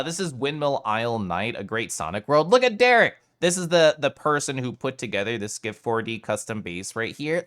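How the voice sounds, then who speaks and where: A man chats with his live stream audience in a loose, animated way. His middle-pitched voice jumps around a lot as he reacts, and he drops the odd casual swear. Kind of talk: casual chat with live viewers.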